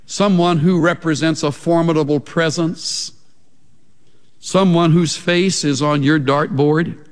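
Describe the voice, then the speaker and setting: A man preaching a sermon as a pastor, slow and emphatic, with big swings in pitch and loudness. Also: fairly even intonation, long reverb tail.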